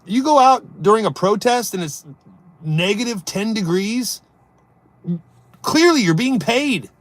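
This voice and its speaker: A man hosting a casual live stream, joking around and answering viewers' chat, swinging between loud bursts and mumbled asides. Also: high voice, expressive, measured pace, dry recording.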